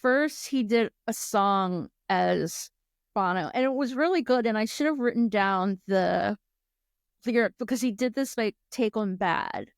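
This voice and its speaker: In casual chat on a podcast she co-hosts, a woman recounts things with frequent laughter and quick pitch swings when quoting. Her voice is gravelly yet clear and resonant. The studio-quality audio has no room sound.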